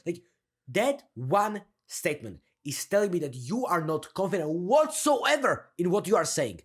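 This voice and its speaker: Energetic young man coaching with lively pitch. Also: normal speed, husky. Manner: energetic, laughing, slangy, demonstrates a deep down-turned delivery. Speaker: confidence coach. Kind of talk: casual coaching monologue.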